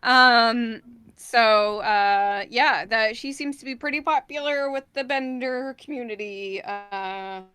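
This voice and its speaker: A woman's voice: on the high side, takes it slowly, bright, forceful tone, smooth, no echo. A young adult woman narrating as game master in a tabletop game, casual with many fillers.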